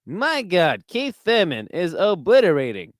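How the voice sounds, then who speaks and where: A pompous older boxing announcer, as a man puts him on, booming in a stretched, theatrical cadence full of lofty words. The voice rides higher than the speaker's own, rising and falling with showy flair. It is recorded close and dry. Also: wildly swooping pitch, no echo, exaggerated voice. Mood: grandiose. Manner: drawn-out dramatic cadence, big words. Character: pompous older male boxing commentator, grandiose. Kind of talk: impression.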